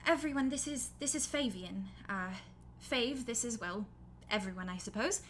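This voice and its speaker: Game master doing a shy, quiet adventurer woman with a bright voice in a tabletop game. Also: fairly high pitch, animated, moderate pace, slight background noise. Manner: shy, subdued.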